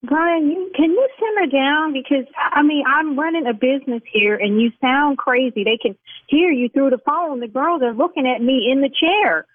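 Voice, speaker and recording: A woman's voice: high-pitched, moderate pace, dry recording. A woman running a salon, talking in on a phone call. She turns sassy and scolding and snaps back hard. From Chicago South Side. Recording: dry tinny phone line.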